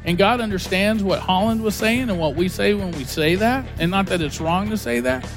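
A man preaching a sermon as pastor, telling stories in an animated way and acting out the dialogue. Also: sits high, moderate pace, over music.

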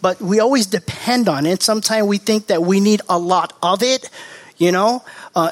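A male pastor delivers a sermon in a fairly high voice. He drives his points home by repeating key words and phrases, and he now and then mocks other preachers. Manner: mocking impressions of TV preachers.

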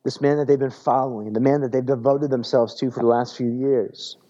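A man preaching a sermon in a relaxed, conversational way, often repeating words as he searches for the phrase. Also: mid-range voice, brisk, dull audio. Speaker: pastor.

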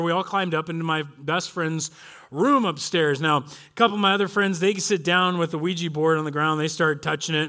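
A pastor in his forties delivers a church sermon in a notably high voice. He tells stories with animated energy and acts out the voices of the people in them. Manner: animated storytelling with quoted voices.

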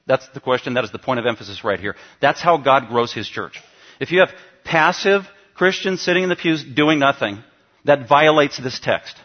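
A man's voice: mid-range voice, lively intonation, normal speed, dull audio. A male pastor preaching a teaching sermon to his congregation, emphatic and given to asking them questions.

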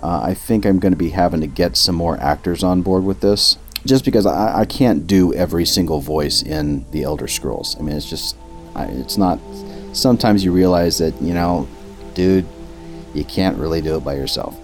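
A man's voice: low-pitched, moderate pace, soft background music. A man hosting his own podcast, chatting in a rambling, jokey, self-deprecating way. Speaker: podcast host. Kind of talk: casual chat.

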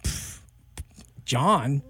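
A man telling a personal story as an interview guest, slangy and loose, acting out other people's lines in sudden high voices. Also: very slow, a bit bright, no room sound. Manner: acts out quoted voices, jumping high in pitch; loose, slangy, full of fillers. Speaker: interview guest, professional skateboarder.

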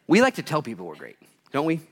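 A man preaching a sermon and reading scripture, swinging between loud bursts and hushed asides. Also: fairly high pitch, huge pitch swings, fast. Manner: reads scripture aloud. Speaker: pastor.

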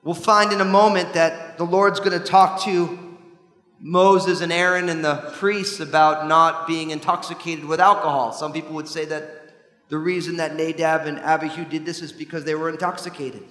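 Animated high-voiced preacher in an echoey hall. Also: male voice, moderate pace. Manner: animated, conversational preaching with asides. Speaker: pastor. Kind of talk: sermon.

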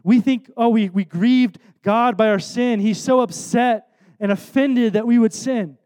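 Young man, high voice, earnest conversational sermon, emotional storytelling. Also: a little slow, darkish tone, smooth. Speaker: worship leader preaching.

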